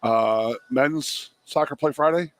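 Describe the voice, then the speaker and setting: Middle-aged male radio co-host, lively rambling anecdotes, dry mic. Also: fairly high pitch, slow pace, no room sound. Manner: animated storyteller, fillers and repeated words. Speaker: co-host, former offensive lineman. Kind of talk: casual sports radio chat. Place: radio broadcast from a restaurant.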